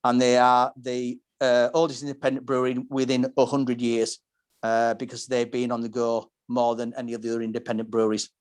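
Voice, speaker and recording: Bloke hosting a chatty pub podcast, wanders through long descriptions, mid pitch. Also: male voice, flat delivery, fairly quick, clean tone. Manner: rambling, descriptive storytelling with frequent restarts. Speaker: podcast host. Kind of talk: casual pub-talk podcast.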